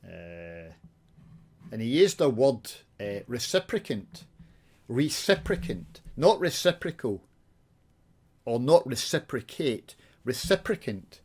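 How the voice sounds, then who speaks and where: A man's voice: medium pitch, sing-song, slow pace, long pauses, breathy edge. A man with a Scottish accent chatting casually on his channel, ranting and swearing while he plays a puzzle game and talks to viewers. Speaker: YouTuber. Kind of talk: casual gaming chat with swearing.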